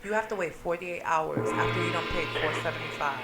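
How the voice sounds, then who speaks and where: A woman's voice: on the low side, a little fast, over loud music. A woman co-hosting a casual radio chat, telling a story in slangy talk and acting out what people said. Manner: animated slangy storyteller who acts out quotes. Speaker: radio co-host. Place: radio studio.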